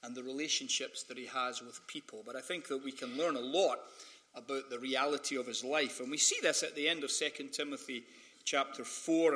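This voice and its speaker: A Scottish man, a pastor, delivers a sermon in a strikingly bright, ringing voice at a middling pitch. He slips into funny anecdotes, briefly mimicking other people's voices before returning to the text. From Scotland. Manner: storytelling, humorous, mimics voices in quotes. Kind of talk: conference sermon with personal anecdotes.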